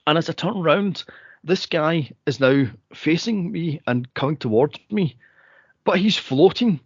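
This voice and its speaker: A Scottish man with a slightly higher voice tells a story in a casual chat. He is animated and loose, swears freely, and laughs through his own tale. The recording is dry and close, with a muffled lo-fi quality. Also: unhurried, slightly rough, no room sound. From Scotland. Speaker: podcast co-host.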